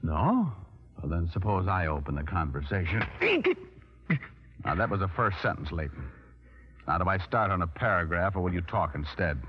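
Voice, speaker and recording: A wisecracking private eye. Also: male voice, low voice, big pitch swings, moderate pace, long pauses, breathy edge, heavily acted. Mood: mocking. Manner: wisecracking, teasing. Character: wisecracking male private detective, cocky. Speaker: private detective. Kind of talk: 1940s radio drama acting. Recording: muffled old radio broadcast.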